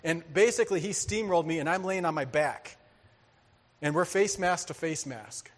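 A man preaching a sermon, telling a story with lively energy, acting out voices and laughing often. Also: on the high side, normal speed. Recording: hall reverb.

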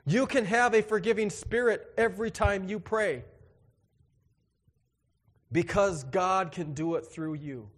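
A man preaching with a voice that sits a little high for a man. He jokes with his listeners and acts out little exchanges, his voice leaping up and dropping low as he plays each part. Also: a little slow, long pauses, in a large hall. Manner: animated and joking, acts out dialogue with big pitch swings. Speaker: pastor. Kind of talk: sermon.

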